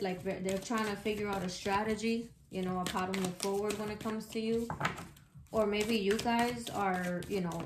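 Chatty, outspoken woman reading tarot in an echoey room. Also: medium pitch. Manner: chatty, slangy, outspoken, swears freely. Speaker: tarot reader. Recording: echoey room with background noise.

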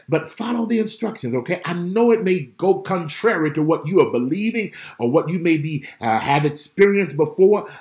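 Male preacher, fairly high, very animated delivery, emphatic repetition, greets viewers by name mid-sermon. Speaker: pastor. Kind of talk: livestream Bible study sermon.

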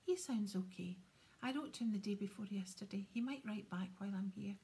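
A woman whispering a soft-spoken, earnest teenage boy wizard in a whispered role-play storybook reading. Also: mid-range voice, fairly quick, close to an everyday voice.

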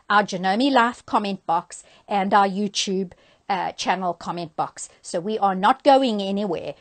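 An older woman hosting a sewing live stream, chatting casually through announcements with frequent ums and uhs into a handheld phone. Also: mid-range voice.

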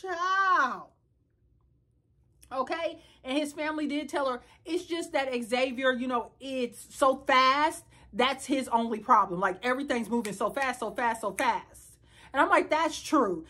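Sassy high-voiced woman recapping TV. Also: husky. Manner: sassy, animated, talks straight to viewers. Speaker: reality TV recap vlogger. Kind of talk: casual chat.

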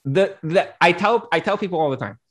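A man's voice: sits high, brisk, fairly bright tone. A man, a rabbi and accountant, giving earnest marriage advice on a talk show and often repeating his phrases.

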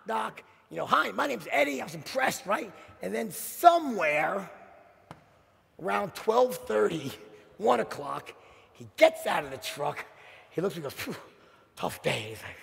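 A middle-aged man giving a motivational sales keynote, telling a story in an animated, punchy way and checking in with the audience with "right?". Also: high-pitched, creaky. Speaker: keynote speaker. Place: large conference hall. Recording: long hall reverb from stage.

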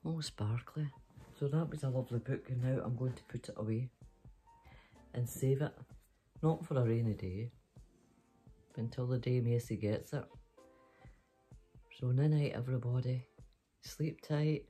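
A woman, hosting a bedtime story and signing off in a soft, affectionate, sing-song way. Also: rumbling low, moderate pace, long pauses, slightly rough, soft background music. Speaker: storyteller and channel host. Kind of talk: cosy bedtime story sign-off.

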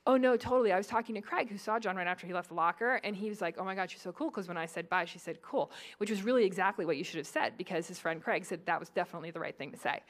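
A woman's voice: lowish voice, voice pushed down, lightly acted. A woman doing an eager teenage best friend. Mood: reassuring. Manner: quick, hushed, reassuring gossip.

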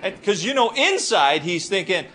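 High, lively ranting stand-up man. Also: normal speed, a little hiss or hum. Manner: ranting, exasperated, talks to the audience. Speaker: stand-up comedian. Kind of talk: stand-up comedy monologue. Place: TV studio with live audience. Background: audience laughter.

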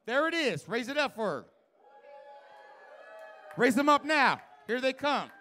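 A man's voice: extremely high pitch, very animated, a little slow, pushed and bright, a little hiss or hum. A man doing live stand-up in a comedy club, working the crowd with a brash, profane, teasing manner into a handheld stage mic.

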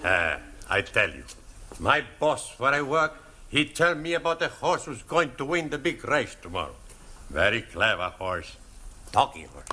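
A man's voice: medium pitch, big pitch swings, a little slow, sharp tone. An actor playing a cheerful Spanish man in an English class, with a Spanish accent and broken English, joking and laughing at his own lines. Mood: boastful. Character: cheerful Spanish male adult student, joking. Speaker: evening-class student. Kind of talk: 1970s sitcom acting. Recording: old TV studio with audience laughter.

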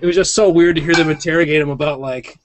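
A man's voice: fairly high pitch, steady tone, fast talker, noisy background. A man hosting a casual podcast, telling a rambling story and laughing often. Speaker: podcast host.

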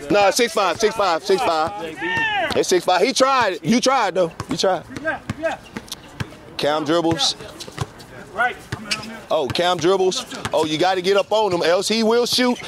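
Filming pickup games at an outdoor basketball court, a man gives hype commentary from the sideline, excited and trash-talking while keeping score. His voice sits high, a little slow, with long pauses. A noisy crowd and a bouncing ball fill the background.

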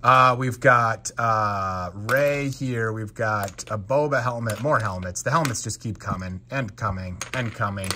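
A man giving casual unboxing commentary as a Lego collector, excitable and exclaiming at each find. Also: on the low side, unhurried, hardly any pauses, a little hiss or hum. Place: home basement.

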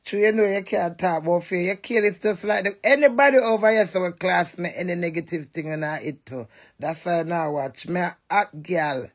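Speaking briskly in a fairly low voice, a Jamaican-accented woman delivers a loud, defiant, cuss-filled rant in a monologue to camera as a vlogger.

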